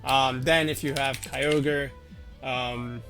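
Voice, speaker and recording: A man's voice: medium pitch, steady tone, slow, sharp tone, soft background music. A man casually walking through a game teambuilding tutorial, rambling with lots of fillers and restarts. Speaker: competitive game YouTuber.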